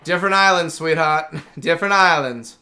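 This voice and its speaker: A man's voice: fairly high pitch, mellow. A man doing a blunt, teasing soldier woman. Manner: put-on accent, drawn-out and teasing.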